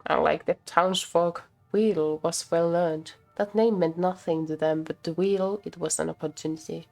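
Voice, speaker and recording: A woman's voice: lowish voice, steady tone, moderate pace, creaky, hardly any pauses, a little mellow, faint music behind. A woman streamer reading a story aloud, often slipping over words, restarting and laughing at herself. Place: home streaming setup.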